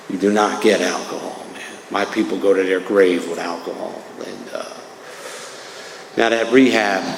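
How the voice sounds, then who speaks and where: A fairly low, fry-tinged voice belongs to a New Jersey man sharing his story as the AA speaker at a church-hall recovery meeting. He talks casually and streetwise, coming back again and again to "man." Long reverb from the echoey hall and a little hiss or hum fill the recording.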